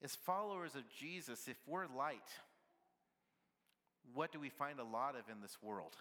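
A man's voice: mid-range voice, measured pace, pushed and bright, long reverb tail. A man preaching a sermon at church, conversational and playful, often asking the congregation "right?" with little laughs. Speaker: pastor.

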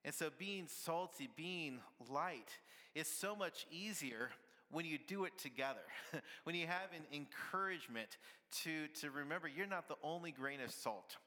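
A man's voice: a little high, normal speed, sharp tone, in a large hall. A man preaching a sermon at church, conversational and playful, often asking the congregation "right?" with little laughs. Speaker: pastor.

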